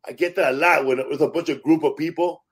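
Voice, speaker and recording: A man's voice: on the high side, fast, husky. A man, a stand-up comic, telling stories in casual chat, acting out quotes and swearing freely. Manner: animated storyteller, acts out quotes, swears freely.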